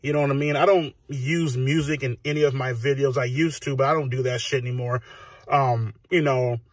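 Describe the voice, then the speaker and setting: A man's voice: medium pitch, fairly even intonation, fairly quick, no echo. A man in his thirties from the United States, ranting heatedly with constant swearing and filler phrases as a vlogger recording on his phone. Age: 30s. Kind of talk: profane rant to camera.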